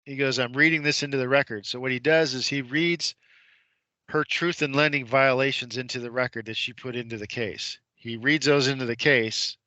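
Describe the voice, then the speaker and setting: A man tells a story on a radio show, with a bright, forward tone and a middle pitch. He acts out the voices of the people in the story, asks rhetorical questions and repeats his points for emphasis. The sound is close and dry. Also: steady tone, moderate pace, dry recording, muffled recording. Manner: retells courtroom scenes, imitating the judge's voice. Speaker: guest.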